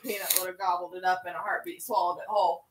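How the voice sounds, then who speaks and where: A woman's voice: on the low side, flat delivery, quick pace, echoey room, a little hiss or hum, rough recording. A woman joining a casual chat and telling a story. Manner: chiming in, storytelling.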